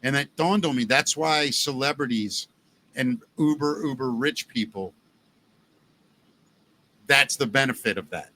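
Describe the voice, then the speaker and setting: A middle-aged man hosting a casual podcast chat, telling stories in an animated way, acting out quotes and swearing freely. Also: mid-range voice, measured pace, long pauses, slight background noise. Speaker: podcast host.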